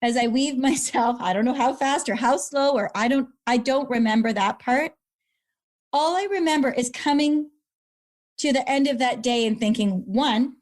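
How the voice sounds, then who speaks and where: A woman's voice: high-pitched, moderate pace, a little mellow. A middle-aged woman, a podcast guest earnestly telling a personal story and repeating words when moved. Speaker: guest, brain injury survivor.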